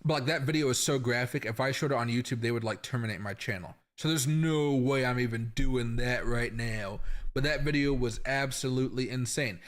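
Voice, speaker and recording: Male stream host, mid-pitched, loose and chatty, addressing the audience directly from his house. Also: fairly quick. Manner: chatty, rambling, talks straight to viewers. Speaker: crypto livestream host. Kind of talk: casual livestream commentary. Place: home.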